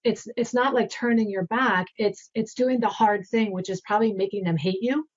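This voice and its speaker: A woman's voice: medium pitch, normal speed, dull audio. A woman speaking earnestly on a remote panel, stressing and repeating key phrases, over a video call.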